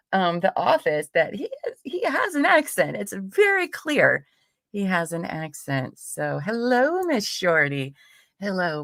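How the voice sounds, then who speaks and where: A woman with a low, gravelly voice hosts a live true crime stream from home. She reads transcript lines aloud in a casual, profane way and adds laughing asides. The sound is dry and close to the mic. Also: fairly bright tone, no room sound. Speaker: true crime livestream host.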